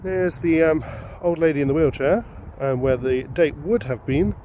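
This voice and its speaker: A man's voice: fairly high pitch, normal speed, dark tone, slight background noise. A man chatting upbeat to viewers while he works outdoors in a field. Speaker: metal detecting vlogger. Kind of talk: casual outdoor vlog commentary.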